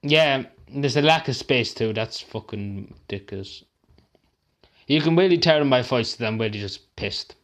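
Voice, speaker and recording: A man's voice: mid-range voice, animated, moderate pace. An Irish man vents straight into the camera, worked up and swearing, circling back to the same words again and again. He sounds upset, near to tears, his voice strained and raw as he talks. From Ireland. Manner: agitated, swearing, repeats himself. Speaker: vlogger. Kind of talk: angry rant to camera.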